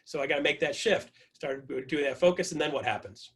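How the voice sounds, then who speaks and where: A man giving an energetic motivational talk to his team, telling a story with lots of repetition, speaking in an online video meeting. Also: on the high side, brisk.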